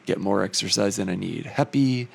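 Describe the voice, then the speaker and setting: A man's voice: on the low side, normal speed, gravelly. A man doing a casual, rambling comedy monologue, reading jokes aloud and riffing on them with plenty of fillers and a slight put-on southern drawl. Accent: slight put-on southern American drawl. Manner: rambling, self-deprecating joke reading with fillers.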